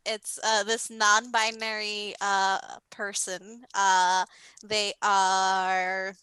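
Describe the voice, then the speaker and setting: A woman playing a tabletop game who giggles a lot and thinks out loud as she talks. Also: mid-range voice, little pitch movement, extremely slow, clear, resonant tone, no echo, poor audio. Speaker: player. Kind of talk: casual tabletop game chat.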